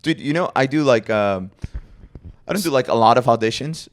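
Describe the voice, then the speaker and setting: A young man in casual podcast chat, with a mid-range voice. He is recorded close and dry. He trades quick jokes and teasing remarks with his co-host. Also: medium pitch, lively intonation, dry recording. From Europe. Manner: joking, teasing interjections.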